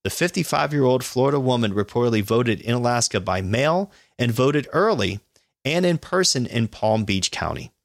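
A man's voice: medium pitch, expressive, moderate pace, gravelly, dry recording, studio quality. A man co-hosting a podcast, reading news stories aloud and adding sarcastic, profane comments and laughs. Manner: sarcastic, laughs often, swears.

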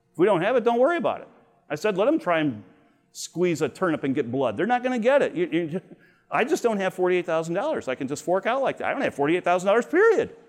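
Middle-aged man, youth camp Bible teacher, high voice, lively storyteller. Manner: storytelling, acts out quoted voices. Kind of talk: animated youth Bible lesson.

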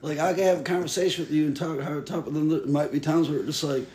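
A man's voice: fairly high pitch, fast, a little hiss or hum. A man hosting a casual podcast chat, talking loosely and swearing now and then. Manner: animated, swears, slips into joking put-on accents.

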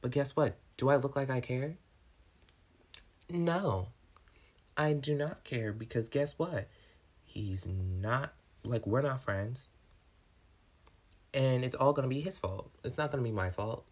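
This vlogger, a restaurant manager, tells a story from his job slowly and with frequent pauses, his medium-pitched voice carrying a breathy edge. The casual vlog is animated and profane, and his mood shifts from composed to worked up.

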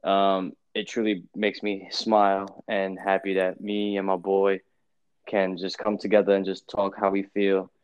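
A man's voice: deep voice, completely flat delivery, unhurried, clean tone, dry recording, muffled recording. A man from New York with a New York accent, co-hosting a podcast in loose, slangy, rambling chat that repeats itself. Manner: rambling, slangy, repeats himself, laughs often. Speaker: podcast co-host. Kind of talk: casual chat.

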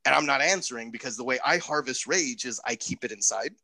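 A young man casually telling a profane, animated story on a podcast. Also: mid-range voice, fast talker, vocal fry, no room sound.

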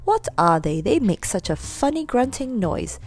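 A woman's voice: a little high, big pitch swings, normal speed, pitched above the performer's own voice. A woman doing a boastful little pony. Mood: eager. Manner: eager, cheeky. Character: small boastful young male pony.

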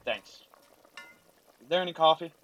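A man's voice: fairly high pitch, lively intonation, a little slow, lo-fi sound. A man acting a sheepish adult son who hesitates and mumbles. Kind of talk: scripted family drama acting.

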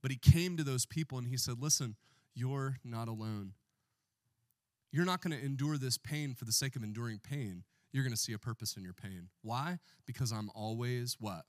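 A man's voice: medium pitch, normal speed, a little mellow, no room sound, studio quality. Joking pastor preaching to his congregation. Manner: joking, call-and-response with the congregation. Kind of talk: sermon. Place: church.

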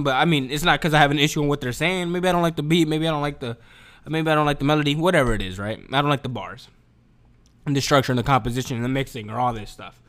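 A young commentator rants casually on camera, profane and full of slang, frequently restarting and repeating words. His voice is a little high, quick and fairly bright.

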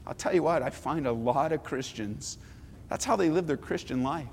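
A man pastor preaching a sermon, shifting between forceful emphasis and hushed, quiet pleading. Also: mid-range voice, lively intonation, a little fast, in a large hall, slight background noise. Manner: dynamic, swings from forceful to hushed.

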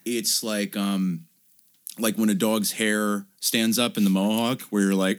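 A man's voice: on the low side, unhurried, clean tone. A man hosting a podcast, chatting animatedly about a movie and swearing freely. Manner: animated, swearing, jumps into silly voices. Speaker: podcast host. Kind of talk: casual chat reviewing a movie.

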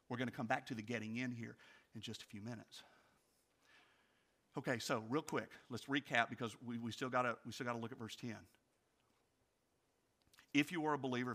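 A male pastor preaching a sermon, asking his congregation direct questions and swinging from loud storytelling to quiet reflection. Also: mid-range voice. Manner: animated storytelling, rising loud for anecdotes, dropping quiet for reflection.

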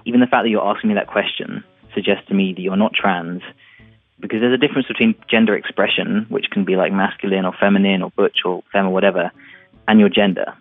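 A man speaking candidly as a listener responding to the show, explaining with quick restarts. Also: low voice, fairly even intonation, dry recording, faint music behind. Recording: tinny phone line.

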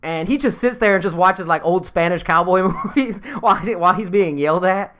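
A man with a high voice tells jokey stories in casual podcast banter. He swears freely and laughs often. The sound is thin and phone-like. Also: brisk.

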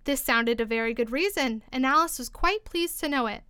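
A woman reading a classic storybook aloud with expressive, lively narration. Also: high voice, moderate pace, smooth, dry recording, studio quality. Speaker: storybook reader.

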